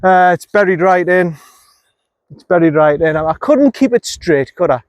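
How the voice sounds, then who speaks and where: An animated man with a high voice speaks at normal speed while playing golf outdoors, giving chatty on-course commentary for his vlog. He's quick to criticize himself, muttering after bad shots, and the audio has no echo.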